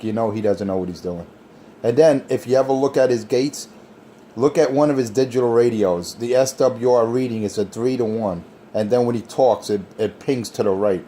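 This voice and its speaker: A man's voice: mid-range voice, mellow, slight background noise. A man on CB radio, scornfully picking apart a rival's equipment and skills. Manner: scornful, technical put-downs. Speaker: CB radio operator. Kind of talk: on-air radio banter.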